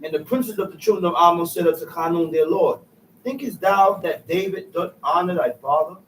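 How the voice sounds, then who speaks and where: A man's voice: sits high, brisk, slight background noise. Man reading scripture in an echoey room. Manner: steady, formal reading of old-fashioned verse. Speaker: scripture reader. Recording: echoey room, mic set far off.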